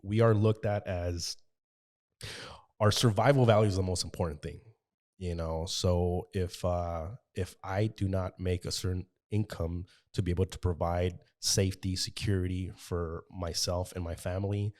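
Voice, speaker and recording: Deep, mellow-voiced man, earnest and rambling. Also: steady tone, moderate pace. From United States. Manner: earnest and rambling, many fillers and restarts. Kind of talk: casual podcast conversation.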